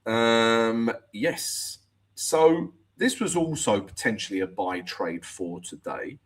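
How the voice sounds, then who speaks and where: A man's voice: fairly low pitch, lively intonation, takes it slowly. A man hosting a live trading show, chatting casually through chart analysis and talking to viewers.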